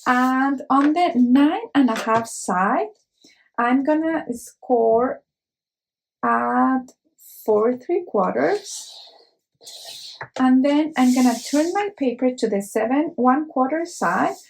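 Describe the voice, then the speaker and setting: A woman hosting a craft tutorial, explaining each step slowly and carefully with small fillers, an English speaker. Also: high-pitched, lively intonation, creaky, darkish tone, slight background noise, low-quality recording.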